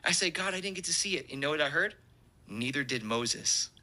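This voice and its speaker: A man, a pastor telling an animated testimony story and acting out the quotes. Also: high voice, racing.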